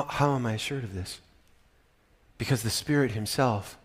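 A man in his fifties preaching a sermon, moving from soft, intimate talk to loud, exclaiming passages, often laughing. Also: medium pitch, slightly rough. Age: 50s.

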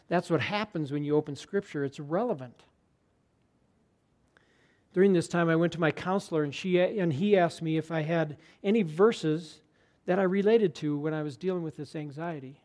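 A man preaching a sermon as pastor, earnest and conversational, sometimes dropping to a hushed tone for emphasis. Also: fairly high pitch, normal speed.

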